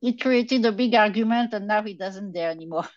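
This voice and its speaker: A woman's voice: medium pitch, a little fast, dry recording, highs cut off. A woman volunteering as a translator in an online meeting, good-humored and giggly, stammering a little at first. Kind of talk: casual online meeting talk.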